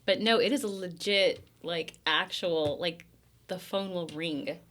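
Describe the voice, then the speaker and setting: A woman's voice: fairly low pitch, a little slow, fairly bright tone. A woman co-hosting a podcast, chatting in a bubbly, enthusiastic way. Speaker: podcast co-host. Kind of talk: casual chat.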